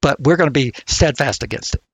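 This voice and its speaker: A man's voice: mid-range voice, brisk, no echo. A man co-hosting a podcast in casual chat, with a snarky manner. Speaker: podcast co-host.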